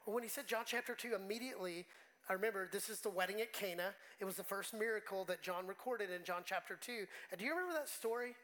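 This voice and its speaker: A man's voice: high voice, fast, fairly bright tone, poor audio. Emotional, conversational male pastor preaching. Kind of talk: sermon.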